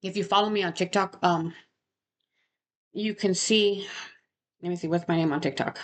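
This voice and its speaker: A woman's voice: fairly low pitch, fairly even intonation, moderate pace. A young woman casually talking through a true crime case, rambling and correcting herself, with frequent rhetorical questions. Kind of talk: casual chat.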